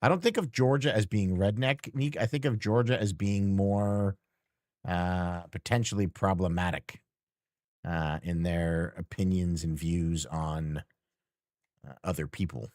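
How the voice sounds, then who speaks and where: Give me a low-voiced man streaming a game and teasing his chat in a dry, close recording. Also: unhurried, darkish tone, dry recording. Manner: joking, teasing, rambling chatter with chat. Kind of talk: casual live-stream chat while gaming.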